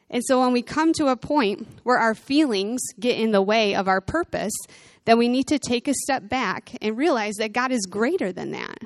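A woman in her thirties delivers a sermon with earnest, personal warmth, mixing stories from her own life with scripture. She slows down to stress key phrases. Her voice sits a little high and sounds dry and close, with little room echo. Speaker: speaker at a church service.

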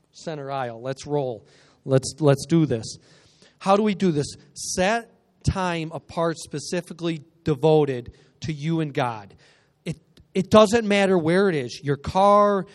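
A man preaching a lively sermon in a church, energetic and joking, calling out to the congregation. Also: a little high. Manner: energetic, joking, call-and-response. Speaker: guest preacher.

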